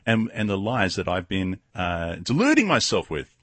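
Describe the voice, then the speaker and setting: A man hosting a talk show, speaking haltingly and repeating words as he tells of his own past. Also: deep voice, wildly swooping pitch, fairly bright tone, no echo. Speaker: host. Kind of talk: casual talk interview.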